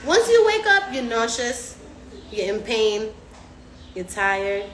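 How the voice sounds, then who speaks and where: High-voiced lady on a live stream, slangy, acts out voices, roomy echo. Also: slow, a little hiss or hum. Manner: animated, acts out patients' voices; slangy and profane. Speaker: recovery house host. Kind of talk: casual live stream talk.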